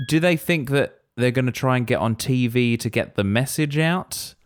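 A man co-hosting a podcast in casual chat, enthusiastic and speculative as he thinks out loud. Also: medium pitch, normal speed, faint music behind. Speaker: podcast co-host.

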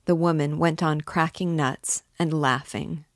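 A woman narrating a classic novel aloud in a measured, even storytelling manner. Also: deep voice, no room sound, clean studio sound. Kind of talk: audiobook narration.

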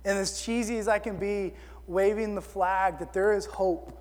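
A man's voice: high voice, steady tone, moderate pace, big-room sound. A man preaching a casual sermon as pastor, telling a film story with self-deprecating asides.

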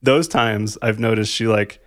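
Speaking at a measured pace in a lowish voice with fairly even intonation, a man in his thirties chats about parenting as a podcast co-host. He's reflective and casual, says "like" frequently, and laughs lightly; the recording is dry and studio-clean.

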